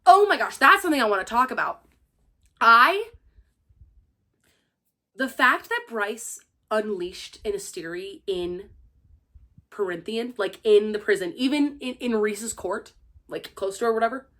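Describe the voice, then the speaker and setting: A young woman gushing through a casual, spoiler-filled book review, excitable and full of "like". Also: on the high side, unhurried, long pauses. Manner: gushing, excitable, heavy use of "like".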